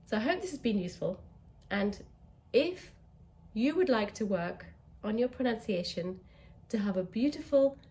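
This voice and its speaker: A woman's voice: fairly high pitch, expressive, moderate pace, a little mellow. A woman with an English accent, a communication coach teaching to camera, stretching out key words for emphasis.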